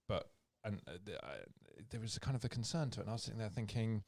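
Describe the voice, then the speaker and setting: A man with a lowish voice hosts a podcast in easy, joking chat. He thanks his guests and ribs them with dry banter. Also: fast talker, gravelly, hardly any pauses, a little mellow. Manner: jokey, wraps up with banter. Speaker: podcast host. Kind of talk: casual chat.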